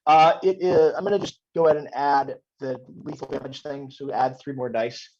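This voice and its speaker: A man narrating a tabletop game as game master, hesitant, with many pauses and ums while describing scenes. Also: medium pitch, fairly even intonation, a little mellow. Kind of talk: narrating a tabletop game over video call. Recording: dull lo-fi audio.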